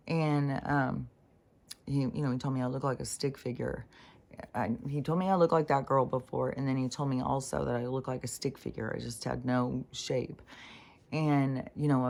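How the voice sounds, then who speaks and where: Low-voiced lady in her 60s just talking, rambly and blunt, lots of ums. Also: darkish tone. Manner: rambling, frank, many fillers and restarts. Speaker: spiritual channeler. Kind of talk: casual monologue.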